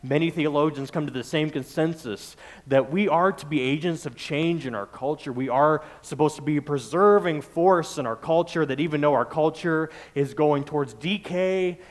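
Man preaching a repetitive sermon. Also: on the high side. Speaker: pastor.

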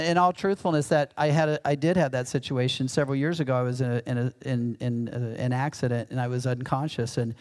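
A man's voice: medium pitch, gravelly, darkish tone. A middle-aged male pastor giving a conversational sermon with self-deprecating humor.

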